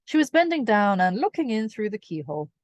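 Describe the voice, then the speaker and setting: Brief: woman storybook reader, clear and expressive, animated pitch. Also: no room sound. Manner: expressive, slow and clear for children. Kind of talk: children's storybook read-aloud.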